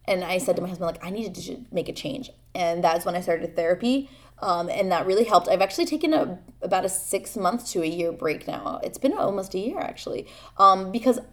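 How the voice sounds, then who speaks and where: Young mom podcaster, kinda low voice, halting, lots of ums, earnest and open. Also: female voice, a little mellow. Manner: candid and halting, with many fillers and restarts; earnest and vulnerable. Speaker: podcast host. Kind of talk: personal confessional talk.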